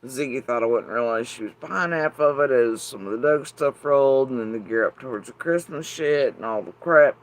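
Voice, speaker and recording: A woman with a deep voice and an Appalachian accent, ranting to camera in a profane, sarcastic monologue. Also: a little fast, few pauses. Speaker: vlogger.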